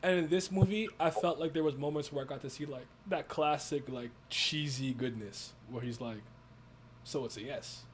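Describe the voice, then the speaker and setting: A young man hosting a casual movie review chat, animated and swearing, often laughing. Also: fairly high pitch, moderate pace, slight background noise. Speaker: podcast host.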